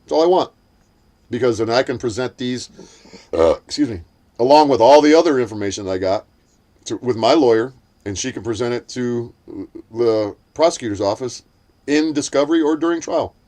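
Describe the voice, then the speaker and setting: A man talks a little fast in a mellow voice, telling a heated story in casual chat with lots of swearing. Whenever he quotes others, he acts out their words shrilly.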